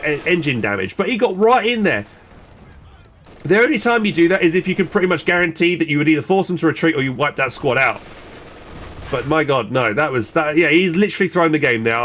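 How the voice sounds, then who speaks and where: High-voiced, excitable male game caster. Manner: exclaiming, swearing, many restarts and fillers. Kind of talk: excited play-by-play game commentary.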